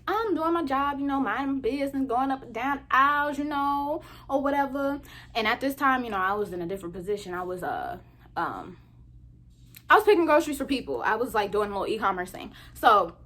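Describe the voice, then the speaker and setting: Young woman vlogger, high and very lively voice, chatty storytime. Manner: animated, chatty, addresses viewers as "y'all". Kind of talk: casual storytime.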